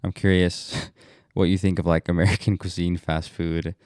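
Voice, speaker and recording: A man co-hosting a casual sports podcast, easygoing and quick to laugh. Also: deep voice, level tone, darkish tone, smooth, dry recording, clean studio sound. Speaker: podcast co-host.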